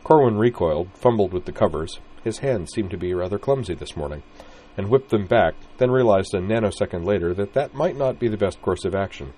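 A man reading aloud his own story in an expressive, wry way. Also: sits low, a little fast, husky. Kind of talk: storybook narration.

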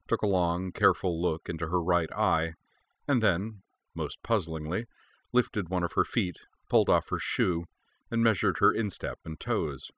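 A man narrating an audiobook in a steady, measured reading. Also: sits low, dry recording.

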